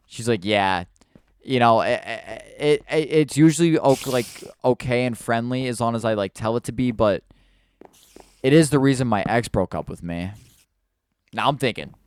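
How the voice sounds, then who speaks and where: A man's voice: medium pitch, lively intonation, moderate pace, no echo, clean studio sound. A man telling a spooky personal story in a casual, rambling way while he plays a video game, stumbling over restarts and fillers.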